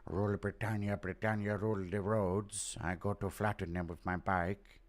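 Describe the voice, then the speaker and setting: A man doing an impression of another man singing a mock anthem slowly in a low voice. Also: flat delivery, natural voice. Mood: mock solemn.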